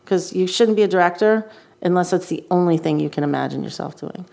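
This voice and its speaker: Woman, TV director, podcast guest, slightly low voice, candid, halting with fillers. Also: vocal fry, darkish tone. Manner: candid, talks in fits and starts with many fillers. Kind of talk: casual podcast chat.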